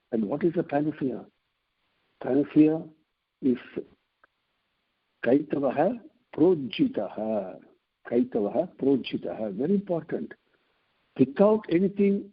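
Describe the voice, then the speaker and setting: Husky man teaching over a phone line. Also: a little high. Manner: earnest, repeats and restarts phrases as he explains. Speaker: spiritual teacher. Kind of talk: devotional scripture discourse. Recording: telephone line.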